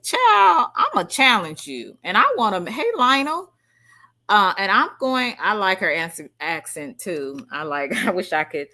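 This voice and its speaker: A woman hosting a livestream, chatting casually and reading out viewer comments in an animated, slangy way. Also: lowish voice. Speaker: livestream host.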